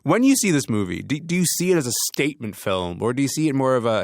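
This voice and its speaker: A man's voice: mid-range voice, big pitch swings, quick pace, vocal fry, few pauses, a little mellow, no echo, clean studio sound. A man hosting a casual film panel chat, thoughtful and rambling, with frequent restarts as he asks questions. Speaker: radio show host. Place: studio, away from his usual city.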